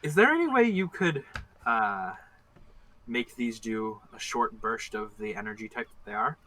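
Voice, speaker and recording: A man's voice: fairly low pitch, lively intonation, normal speed, pushed and bright, a little hiss or hum. A man voicing Euros, an earnest adventurer making polite, hesitant requests.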